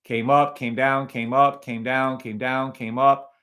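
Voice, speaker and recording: A man's voice: mid-range voice, level tone, a little slow, sharp tone. A man hosting a live trading stream, talking casually over charts and greeting viewers in the chat, often sounding incredulous.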